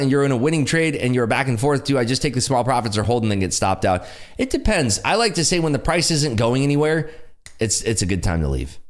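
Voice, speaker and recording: A loud, projecting man hosts a casual day-trading stream, his pitch moving widely as he reads out viewer comments and replies. His voice is built to fill a room, and his manner is upbeat, eager, and enthusiastic, with plenty of laughter.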